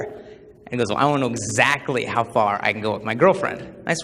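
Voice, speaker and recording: A man giving a humorous public talk to students, telling stories with animated acted-out voices. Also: mid-range voice, a little fast, big-room sound, a little hiss or hum. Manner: animated storytelling, acts out voices. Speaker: chastity speaker.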